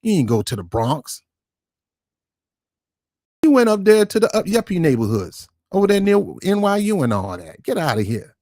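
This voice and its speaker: A man's voice: high-pitched, very animated, normal speed, long pauses, mellow, no echo, clean studio sound. A man hosting his own online show, giving ranting political commentary in an emphatic, confrontational way and repeating words for stress. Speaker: YouTube commentary host.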